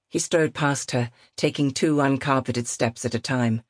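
A woman narrating a novel in a measured, expressive reading. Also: very deep voice, no echo, studio quality. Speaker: audiobook narrator. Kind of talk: scripted narration.

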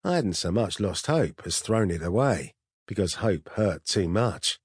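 Deep husky male narrator. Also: animated, unhurried, no room sound, studio quality. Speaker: audiobook narrator. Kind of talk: first-person scripted narration.

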